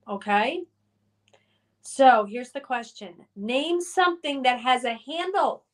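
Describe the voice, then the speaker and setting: A middle-aged woman hosting a livestream from home, reading viewers' chat comments aloud and running a guessing game. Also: on the high side. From Colorado. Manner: reads out chat messages and hosts a guessing game. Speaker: livestream host.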